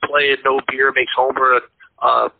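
A man with a husky voice chats about films as a podcast co-host. He rambles, restarting his sentences and filling the gaps with ums. The sound is thin and phone-like, and very dry. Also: mid-range voice, flat delivery, unhurried, no echo. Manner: rambling, many fillers and restarts. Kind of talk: casual movie chat. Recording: tinny phone-like line.

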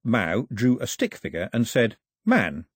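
A man narrating an audiobook in an expressive, storytelling manner on a close studio mic. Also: fairly low pitch, moderate pace, breathy edge, no echo. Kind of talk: scripted narration.

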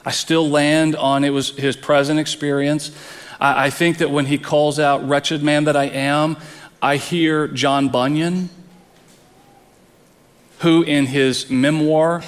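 A man's voice: a little high, fairly even intonation, slow pace, in a large hall. A man preaching a sermon as pastor, earnest, often repeating words as he presses a point.

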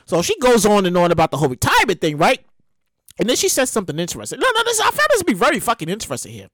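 A woman telling a story in a casual monologue, talking fast, laughing often and swearing freely. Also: medium pitch, huge pitch swings, a bit bright, no room sound.

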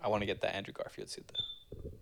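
A man's voice: fast talker, bright, forceful tone, slight background noise. A man co-hosting a podcast in casual chat, rambling with lots of filler and teasing his friend. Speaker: podcast co-host.

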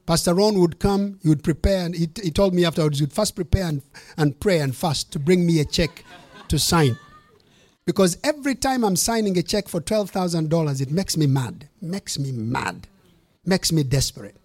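A man's voice: fairly high pitch, expressive, moderate pace, a little mellow. A man, a bishop, preaching a sermon, telling a story with emphatic, punchy repetition.

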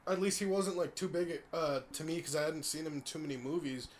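A man's voice: fairly high pitch, brisk. A man in a casual group chat, eager and curious, who asks lots of questions and laughs easily.

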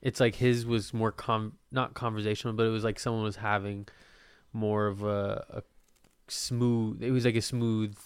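A young man hosts a laid-back podcast with friends. His voice is smooth and clear, and the room sounds dry and close. He rambles, trails off mid-thought and drops casual swears. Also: lowish voice, level tone, moderate pace, no room sound. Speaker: podcast host. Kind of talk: casual chat.

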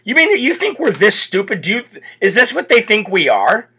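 A male political talk host with a high, keen voice. He speaks brashly and mockingly, piling up rhetorical questions. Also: huge pitch swings, a little fast, sharp tone, husky. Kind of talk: opinionated live commentary.

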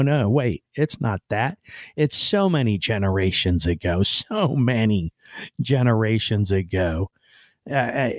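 Blunt, rambling man with a low voice. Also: a little mellow, no echo, studio quality. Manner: swears casually and then apologizes. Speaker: podcast host. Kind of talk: political opinion podcast monologue.

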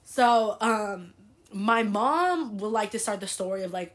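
A woman's voice: medium pitch, animated, unhurried. A young woman from the United States hosting a podcast, telling a family story in a loose, chatty way, full of "like" and casual swearing. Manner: chatty, fills with "like", swears freely. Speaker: podcast host.

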